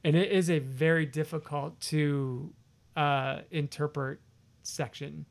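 A man co-hosting a casual Bible study conversation, animated and playful, acting out quotes with voices. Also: a little high, takes it slowly, creaky. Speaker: podcast co-host discussing scripture.

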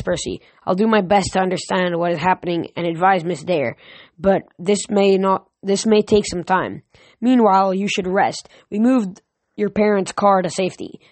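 A woman reading the part of a wise old centaur teacher speaks in a measured way, calm and kindly, gently chiding from a storybook. The recording is dry and close. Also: mid-range voice, no echo, lightly acted.

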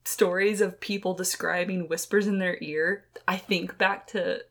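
In a casual storytelling chat, a young podcast co-host rambles through ghost stories with plenty of fillers, close to the microphone. She has a lowish, slightly bright voice with fairly even intonation and an unhurried pace.

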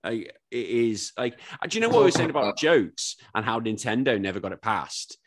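A man with a Wirral accent talks in an easy, rambling way and keeps jumping into lively quotes. His pitch leaps up whenever he gets excited, and he swears freely as he chats with a friend. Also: fairly quick. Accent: Wirral, Merseyside. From England. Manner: animated storytelling, swears often, jumps into excited quotes. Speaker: podcast host. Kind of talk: casual chat.

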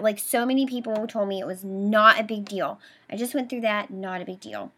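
A woman's voice: medium pitch, normal speed, hardly any pauses, bright, forceful tone. A young adult woman hosting a podcast, retelling a painful personal story with emotion and quoted dialogue. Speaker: podcast host.

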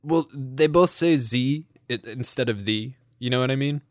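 A man hosting a casual home podcast, rambling along with frequent restarts and self-deprecating jokes. His voice sits at an ordinary middle pitch and is recorded close and dry, with no room sound at all. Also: normal speed, no room sound. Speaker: podcast host. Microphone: home podcast microphone.

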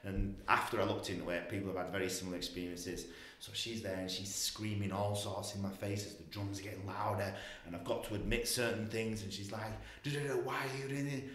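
A man's voice: deep voice, a little fast. A man telling a personal story in casual talk, acting out voices and swearing freely. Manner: animated, swearing, acts out voices. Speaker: guest. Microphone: podcast mic. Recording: echoey room.

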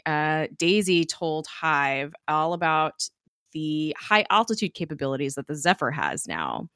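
Chatty low-voiced woman recapping a show. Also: pushed and bright, dry recording, clean studio sound. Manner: chatty, many "like" fillers, laughs often. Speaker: podcast co-host. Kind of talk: casual recap chat.

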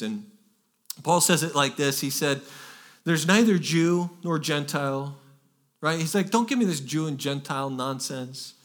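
A pastor preaching a sermon, earnest and emphatic, often repeating words and pushing his voice up to stress key phrases. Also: medium pitch.

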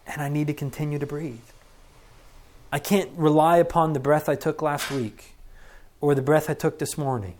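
A man's voice: on the high side, steady tone, normal speed, a little mellow. Earnest conversational male preacher. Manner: earnest, conversational, acts out breaths and gasps. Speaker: pastor. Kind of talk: sermon.

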